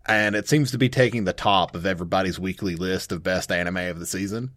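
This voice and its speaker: A woman's voice: extremely low pitch, quick pace, no room sound, studio quality. A woman co-hosting a casual podcast chat, talking with enthusiasm and poking fun at herself. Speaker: podcast co-host.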